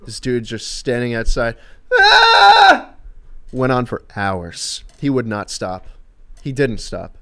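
A man with a mid-pitched, everyday voice tells funny stories on a live gaming stream. His delivery is rambling and amused, full of "uh"s, "like"s and the occasional swear. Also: a little slow, hardly any pauses. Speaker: streamer and co-host. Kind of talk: casual storytelling chat on a live stream.

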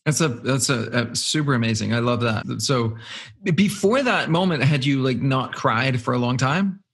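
A man hosts an interview, asking probing follow-up questions and giving short affirmations. His voice has a gravelly, husky texture, with a grainy edge at the ends of phrases. His pitch is average for a man. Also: lively intonation, normal speed, a bit bright. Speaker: show host, interviewer. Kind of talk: interview conversation.

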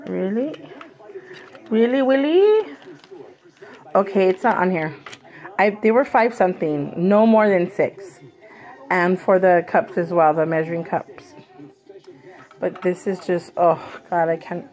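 A woman's voice: fairly low pitch, steady tone, unhurried, darkish tone. A woman vlogger chatting casually as she unboxes purchases, gushing and rambling, sick with a cough.

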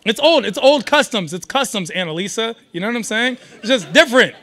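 A young man doing a stand-up comedy set at a live event, animated and riffing with the audience. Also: high voice, brisk. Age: young adult.

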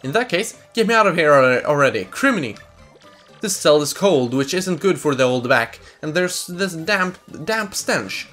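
A grumbling, bossy old elder woman from a video game, as a Swedish man voices her in English. She scolds and fusses in a raised, higher voice. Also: lively intonation, normal speed, fairly bright tone, soft background music. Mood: scolding. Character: cranky old female bug-like tree elder. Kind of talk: reading game dialogue aloud in voices.

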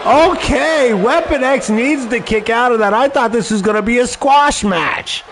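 A man giving excited play-by-play commentary on a wrestling video game, often shouting exclamations. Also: extremely high pitch, measured pace, background noise.

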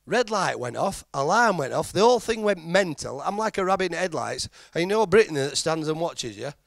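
A middle-aged Yorkshire comedian on stage, telling a story in a raised, gravelly voice. The sound is close and dry, with no room around it. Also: male voice, fairly high pitch, fairly quick, no echo. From Yorkshire, England. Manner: animated storytelling, acting out characters and machine voices. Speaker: stand-up comedian. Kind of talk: stand-up routine. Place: comedy stage before a live audience.

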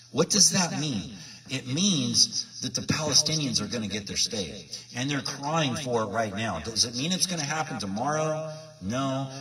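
A man's voice: medium pitch, a bit bright, far from the mic. A man preaching informally to his viewers, emphatic and repetitive, full of rhetorical questions. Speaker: independent Bible teacher.

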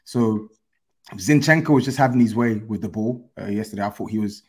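A man's voice: lowish voice, fairly quick. A man with a London accent arguing his point on a football podcast panel, insistent and laughing as he defends himself. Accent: London English. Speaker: podcast panelist, Spurs fan. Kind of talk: heated football podcast chat.

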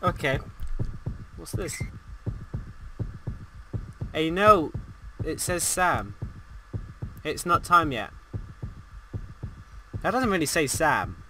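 A young man commentating a horror game as he plays, excitable and swearing, talking back at the game. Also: fairly high pitch, very slow, long pauses, slight background noise, rough recording. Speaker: gaming channel host.

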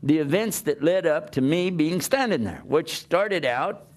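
An older man preaching, telling a personal story in an animated way and often laughing as he talks. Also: a little high, measured pace. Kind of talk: storytelling talk.

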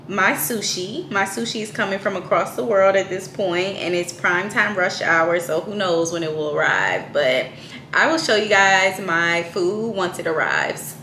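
A woman's voice: mid-range voice, pushed and bright, reverberant, a little hiss or hum. A young woman chatting casually to camera in a home vlog, playful and full of slang. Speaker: vlogger. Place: at home, indoors.

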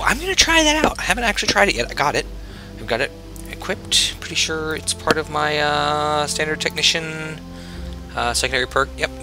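A man's voice: medium pitch, bright, forceful tone. A man casually commenting on his own gameplay as a channel host, chatty and self-mocking, swearing freely.

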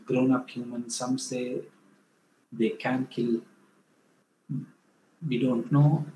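A man from India, presenting wildlife photos in a talk, often pausing and correcting himself, livelier when retelling a story. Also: medium pitch, mellow. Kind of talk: illustrated talk. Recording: echoey room, faint background noise.

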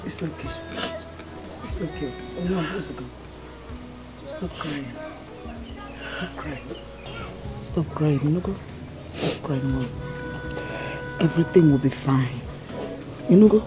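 A woman's voice: on the low side, a little slow, long pauses, natural voice. An actress with a Nigerian accent playing a kind middle-aged mother who soothes a crying girl. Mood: soothing. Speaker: kindly mother. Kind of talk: Nollywood film acting. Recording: music under dialogue.

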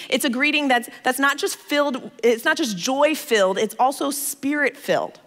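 A woman in her thirties from the United States preaches a sermon in an expressive, conversational storytelling manner. Her voice sits on the high side, followed by a long reverb tail.

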